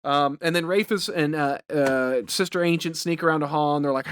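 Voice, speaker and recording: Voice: medium pitch, moderate pace, hardly any pauses, clear, resonant tone, no echo. Podcast cohost ranting thru a movie recap, swears a lot, rambles, dry close mic. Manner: profane, rambling, exasperated. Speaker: podcast co-host recapping a film. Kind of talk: casual chat.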